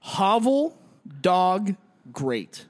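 A man with a notably high voice runs a word puzzle for a friend. He teases, swears casually and chuckles as he talks. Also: sing-song, extremely slow. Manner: teasing, profane, chuckling. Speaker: puzzle giver. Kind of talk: casual podcast banter.

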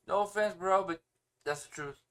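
A man's voice: high-pitched, moderate pace, a bit bright, clean tone. A man in his thirties with a stuffy nose, co-hosting a casual podcast and ranting with sarcastic, opinionated energy. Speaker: podcast co-host.

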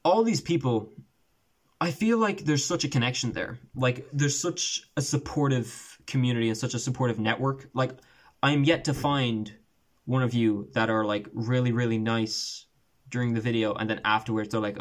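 A man's voice: medium pitch, normal speed. Give me a rambling young man hosting a podcast over a call. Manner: rambling, restarts often, laughs at own stories. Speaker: podcast host. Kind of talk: casual video-call chat. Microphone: remote call.

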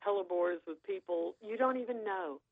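A woman co-hosting a casual radio chat from a studio, speaking in a warm-hearted, complimentary way. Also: medium pitch, moderate pace, no echo, phone-quality sound. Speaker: radio co-host.

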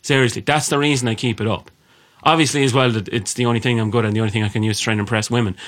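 A man's voice: medium pitch, racing. A young man with an Irish accent, co-hosting a podcast in blunt, sweary casual chat. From Ireland. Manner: blunt, sweary, lively storytelling. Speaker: podcast co-host.

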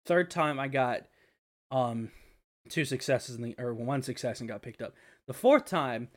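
A man's voice: medium pitch, animated, unhurried. A young man hosting a podcast in casual chat, rambling and swearing with lots of fillers. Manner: rambling and profane, with frequent fillers and laughter. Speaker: podcast host.

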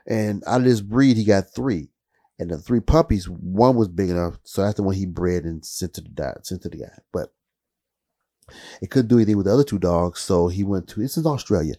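A man telling rambling, profane stories in a casual comedic monologue, his voice jumping up high when he gets worked up. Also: brisk, dark tone.

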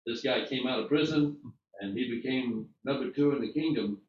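A man's voice: mid-range voice, normal speed. A man teaching an informal sermon, talking conversationally with many restarts and fillers, recorded from a distance in a room. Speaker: Bible teacher. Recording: distant mic in an echoey room, muffled.

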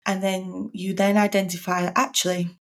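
A woman's voice: medium pitch, level tone, normal speed. A woman coach hosting her own podcast, talking straight to listeners in a frank, encouraging way with a dry streak of sarcasm. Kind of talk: solo podcast talk.

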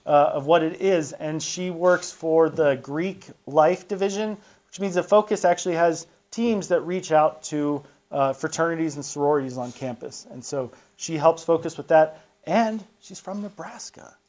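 A man introduces a guest speaker at a school assembly. He talks informally and halts with fillers. His voice sits a bit high for a man. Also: normal speed, a little mellow.

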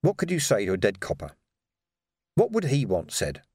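A man reading a novel aloud as audiobook narrator, in a dry, measured storytelling manner. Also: medium pitch, wildly swooping pitch, darkish tone, husky, no room sound. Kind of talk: scripted narration.

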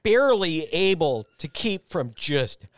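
A man telling a story in a lively way, acting out the people in it, played back as a podcast clip. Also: a little high, unhurried, slight background noise. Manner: animated, acts out voices, laughing through the story. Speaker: radio host and guest. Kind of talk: animated storytelling.

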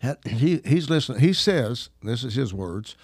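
A man's voice: mid-range voice, big pitch swings, normal speed, a little mellow, no echo, clean studio sound. A man from Arkansas telling a story in casual conversation, chuckling as he goes. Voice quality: gravelly, laughs while telling stories.

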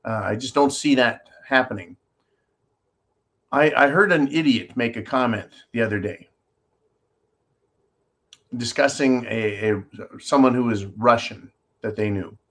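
A man's voice: medium pitch, measured pace, pauses often, fairly bright tone. A man hosting a call-in style commentary show, reading out viewer comments and ranting sarcastically, swearing freely as he rambles. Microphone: holds objects up to a camera while talking.

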